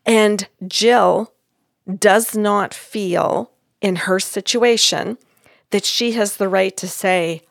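Woman, medium, storytelling, lively quoting of others, dry close sound. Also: medium pitch, slow pace, creaky, no echo. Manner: animated, acts out quotes of others. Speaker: psychic medium. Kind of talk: casual storytelling chat.

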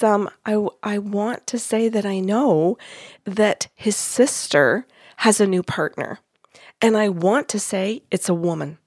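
A woman hosting a podcast tells a story in a relaxed, lively way and voices what others said without changing her own sound. The recording is dry and close, with no room echo. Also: medium pitch. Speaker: podcast host and medium. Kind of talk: casual storytelling.

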